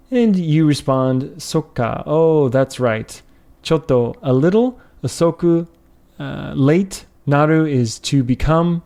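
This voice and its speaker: A man of middle pitch talks through a grammar lesson in an easygoing way. He stops for fillers and restarts often, explaining each word as he goes. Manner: relaxed, with many fillers and restarts. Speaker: language teacher.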